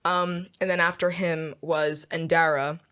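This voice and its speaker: Young woman guest, slightly low pitch, halting casual storyteller. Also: level tone, a bit bright, clean tone. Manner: halting, laughs often while recounting. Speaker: podcast guest. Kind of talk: casual chat.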